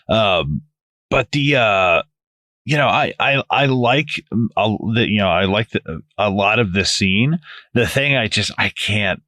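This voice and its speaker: Low-voiced man rambling about a movie. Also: dry recording, studio quality. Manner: rambling, lots of restarts and swearing, animated asides. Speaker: podcast co-host. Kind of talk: casual film commentary chat.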